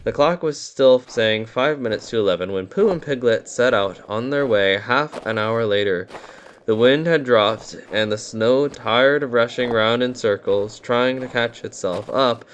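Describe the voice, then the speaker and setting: A man gently reading a bedtime storybook aloud as the narrator, in a soothing manner. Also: medium pitch, unhurried, a little hiss or hum.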